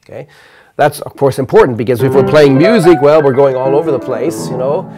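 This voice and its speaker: An older man giving a measured, explanatory math lecture, counting notes aloud while playing piano. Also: mid-range voice.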